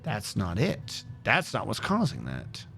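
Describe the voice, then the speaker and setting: A man's voice: fairly low pitch, wildly swooping pitch, unhurried, vocal fry, music in the background. A man streaming a game, thinking aloud on a headset as he troubleshoots. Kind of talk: casual gameplay commentary.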